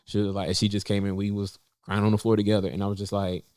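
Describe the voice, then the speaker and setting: A man's voice: fairly low pitch, flat delivery, darkish tone, clear, resonant tone, dry recording, clean studio sound. A young man, a podcast co-host from North Carolina, telling a personal story in casual conversation with many fillers and restarts. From North Carolina, USA. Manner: halting, many fillers and restarts, voice lifts when quoting himself. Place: indoors in a cafe.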